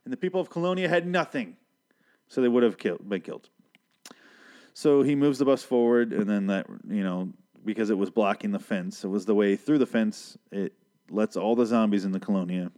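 A man's voice: on the low side, a little fast, darkish tone. A man recapping a TV episode in a casual, profane rant, sarcastic and exasperated. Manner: ranting, sarcastic, heavy swearing.

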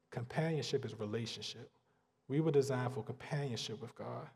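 A man preaching a sermon, earnest and emphatic, pausing and repeating phrases to drive points home. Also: medium pitch, gravelly, darkish tone, breathy edge. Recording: long hall reverb.

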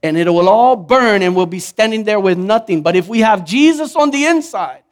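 Man, pastor, high voice, animated conversational sermon, acts out quotes. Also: moderate pace, few pauses.

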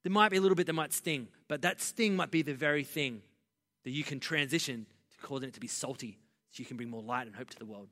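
Aussie pastor guy preaching hard, bright sharp voice, lots of echo from a big hall. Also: mid-range voice, quick pace. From Australia. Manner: passionate, builds to loud emphatic preaching. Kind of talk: sermon. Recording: long reverb of a large hall.

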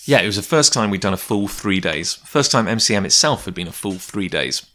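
A man with a very low, deep voice tells a long personal story in a loose, casual way. He wanders off on tangents and pokes fun at himself as he talks about his comics work. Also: expressive, brisk, bright, forceful tone. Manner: rambling, goes off on tangents. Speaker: comic book creator.

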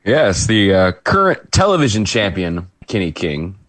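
Male co-host with a lower voice, easygoing play-by-play recap, dry room. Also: sing-song, moderate pace, fairly bright tone, no echo. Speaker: podcast co-host.

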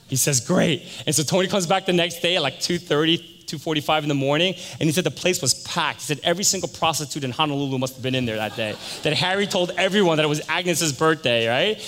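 A man's voice: a little high, brisk, fairly bright tone. A male pastor giving a sermon, telling a story and acting out the voices of the people in it. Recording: long hall reverb.

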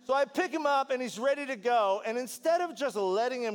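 A man preaching a sermon as pastor, telling a story with lively, animated delivery and acting out voices. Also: very high-pitched, brisk, soft background music.

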